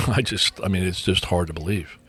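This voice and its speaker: A man's voice: sits low, normal speed, a bit bright. A middle-aged man co-hosting a podcast in casual chat, rambling with restarts and frequent ums. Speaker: podcast co-host. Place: podcast studio.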